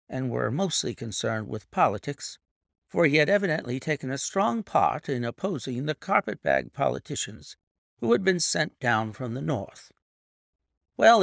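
A man reading a classic detective story aloud in an expressive, theatrical way. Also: fairly high pitch, gravelly, no room sound, clean studio sound. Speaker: audiobook reader.

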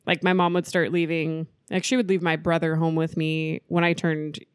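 Casual woman guest, lowish voice, laughs a lot mid-story, dry close recording. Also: moderate pace, smooth, no room sound. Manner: laughs often, animated storytelling. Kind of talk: casual chat.

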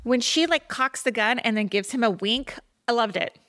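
A woman co-hosting a podcast, chatting casually about a movie and telling her story with animated, rambling asides. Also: a little high, moderate pace. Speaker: podcast co-host. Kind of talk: casual chat reviewing a movie.

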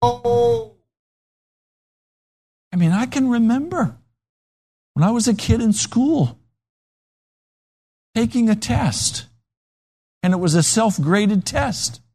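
A man's voice: very high voice, animated, slow pace, long pauses, mellow. A man preaching a sermon with dramatic, emphatic storytelling.

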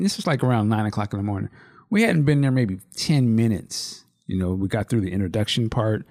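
A man's voice: medium pitch, darkish tone. A man in his thirties, a podcast co-host, telling a story in loose, rambling casual chat.

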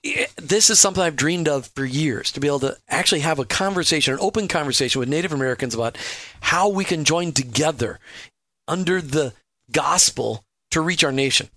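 Upbeat male talk radio host, fairly high voice, dry close mic, jokey and promotional. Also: lively intonation, fairly quick, sharp tone, dry recording. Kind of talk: Christian talk radio hosting.

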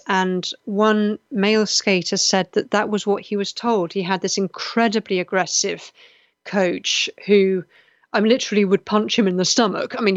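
A woman's voice: medium pitch, no echo, highs cut off. A middle-aged woman from the West Country of England, hosting a live chat show and reading out viewers' comments in an earnest, chatty way. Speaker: host.

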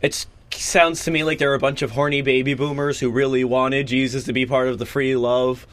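A man's voice: medium pitch, level tone, brisk. A young man in casual discussion, explaining eagerly and at length in a rambling way.

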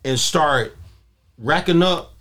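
A young man chatting casually on a podcast, telling animated stories in loose slang and acting out what others said. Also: on the high side, takes it slowly. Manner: animated storyteller, slangy, acts out quotes. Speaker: guest artist and DJ.

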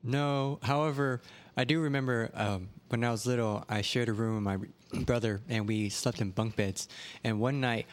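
A man co-hosting a relaxed podcast, speaking at an ordinary middle pitch. He tells a story from his childhood, acting out the quotes as he goes. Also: normal speed. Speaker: podcast co-host. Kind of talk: casual chat.

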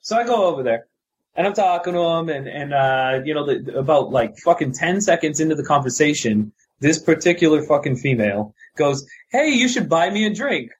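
Husky-voiced man swearing through a story. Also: fairly high pitch, fairly quick, lo-fi sound. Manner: profane, rambling with many fillers. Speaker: podcast co-host. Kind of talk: casual storytelling chat.

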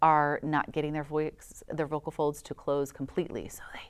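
A woman's voice: low-pitched, little pitch movement, normal speed, smooth. A woman who works as a voice specialist, giving enthusiastic explanations as a guest in an interview.

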